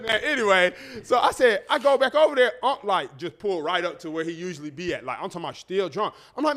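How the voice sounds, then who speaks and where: Podcast host, male, light high voice, loose storytelling, lots of cursing and quoted voices. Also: fast talker, few pauses. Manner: animated, profane, acts out voices in his story. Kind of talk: casual storytelling.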